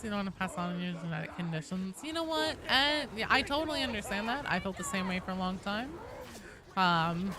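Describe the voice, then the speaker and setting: Chatty woman streamer over noisy background. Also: medium pitch. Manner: chatty, rambling, many restarts and fillers. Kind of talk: casual chat with stream viewers. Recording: clear background noise.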